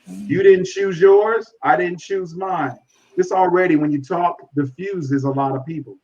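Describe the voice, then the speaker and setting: A man's voice: high-pitched, measured pace, darkish tone, lo-fi sound. A man speaking earnestly as a podcast guest, repeating phrases for emphasis and acting out conversations.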